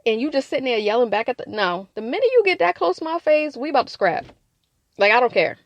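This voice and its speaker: A woman hosting a casual podcast that recaps a reality show, blunt and profane, animated, laughing in bursts. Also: high voice, quick pace, no room sound, highs cut off.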